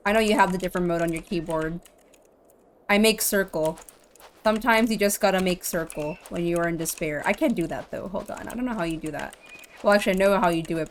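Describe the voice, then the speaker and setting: A woman's voice: mid-range voice, slight background noise. A woman streamer casually commenting on her gameplay, playful and chatty with her viewers. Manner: playful, laughing, talking to chat. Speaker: game streamer.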